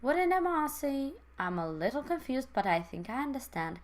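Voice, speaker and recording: A woman's voice: high voice, big pitch swings, fairly quick, pitched above the performer's own voice. A woman voicing a goofy, earnest middle-aged dad who fumbles but tries hard to be supportive. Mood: bemused.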